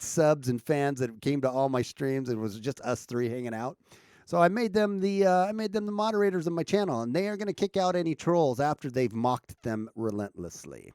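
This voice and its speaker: A man's voice: on the high side, darkish tone, smooth, dry recording, clean studio sound. An American man hosting a casual livestream, chatting loosely and reading viewers' comments with frequent restarts and chuckles. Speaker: livestream host.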